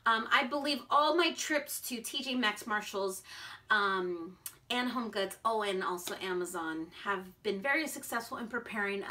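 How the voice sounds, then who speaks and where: A woman's voice: on the high side, pushed and bright. An American woman vlogging in a bubbly, chatty way, full of filler words. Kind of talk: casual chat to camera.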